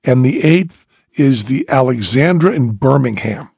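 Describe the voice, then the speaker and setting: A man's voice: medium pitch, expressive, unhurried, vocal fry, darkish tone, breathy edge, dry recording, studio quality. A man hosting a casual chat, telling rambling stories and acting out dialogue. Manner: rambling storyteller, acts out dialogue. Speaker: podcast host, magician.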